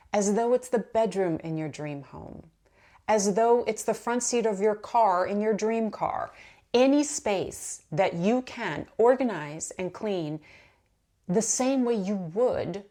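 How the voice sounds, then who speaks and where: A middle-aged woman, a manifestation coach, giving casual motivational talk to camera in a chatty, animated way, laughing as she tells stories. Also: mid-range voice.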